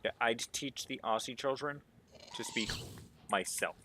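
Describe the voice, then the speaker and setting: A man's voice: mid-range voice, measured pace, sharp tone, a little hiss or hum. A man chatting casually while playing a game, rambling through jokingly provocative opinions. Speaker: gaming streamer. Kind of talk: casual gameplay commentary.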